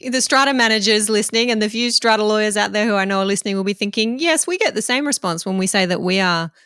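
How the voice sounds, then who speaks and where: A woman's voice: medium pitch, quick pace, fairly bright tone, clear, resonant tone, no echo, studio quality. A woman hosting a podcast interview, prompting her guest and laughing easily. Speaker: podcast host.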